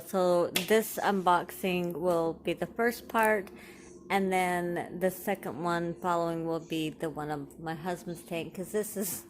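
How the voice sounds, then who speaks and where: A woman narrates an unboxing in an unhurried, gushing way, speaking to viewers through a handheld phone camera. Her tone swings into delighted exclamations over each find. A faint hiss of noise sits under her voice. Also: lowish voice. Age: 40s. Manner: gushing, excitable, talks to viewers. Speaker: crafting vlogger. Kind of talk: casual unboxing commentary.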